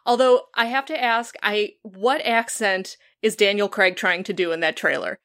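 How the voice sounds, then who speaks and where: A woman's voice: medium pitch, normal speed, few pauses, fairly bright tone. A woman hosting a podcast in casual chat, chatty and enthusiastic, often restarting her sentences. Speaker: podcast host.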